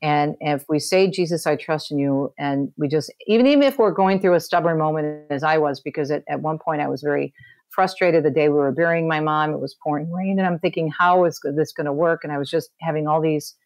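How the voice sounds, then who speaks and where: Brief: low-pitched middle-aged woman guest, chatty testimony, dry close mic. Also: a little fast, no room sound. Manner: warm storytelling with frequent restarts. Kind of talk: conversational interview testimony.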